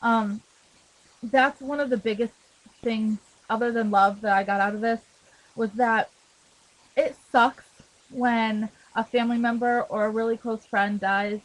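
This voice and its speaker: A woman's voice: on the high side, steady tone, unhurried, rough recording. A young woman talking casually to camera about her favourite books, earnest and full of fillers and restarts. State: emotional, holding back tears. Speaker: book vlogger.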